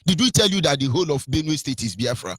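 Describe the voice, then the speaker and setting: A man's voice: fairly high pitch, big pitch swings, fast, slightly rough, no echo. A man with a Nigerian accent giving impassioned radio commentary, scolding his listeners with repeated rhetorical questions and stumbling over fillers.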